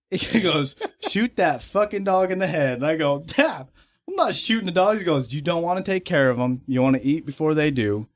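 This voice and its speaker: A man's voice: fairly high pitch, animated, normal speed. A young man, a podcast guest, telling casual stories, swearing freely and laughing as he talks. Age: young adult. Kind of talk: casual storytelling.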